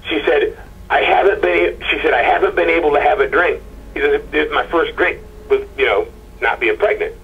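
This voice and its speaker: Husky man, halting and stammering, muffled lo-fi interview audio. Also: medium pitch, fairly bright tone. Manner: halting, stammering retelling with quoted dialogue. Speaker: husband of a missing woman, interview guest. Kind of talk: emotional personal account.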